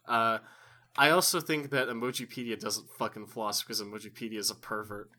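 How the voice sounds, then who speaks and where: A man's voice: lowish voice, fairly even intonation, fairly quick, bright, forceful tone. A man co-hosting a podcast, reading out listener questions and riffing in casual, profane, joking chat. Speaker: podcast co-host.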